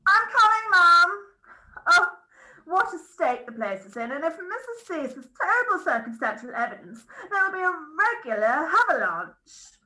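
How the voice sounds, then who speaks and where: A woman's voice: extremely high pitch, sing-song, normal speed, sharp tone, full character voice, rough recording. A woman reading the part of a flustered young housemaid who fusses in a breathless way. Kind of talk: script read-through.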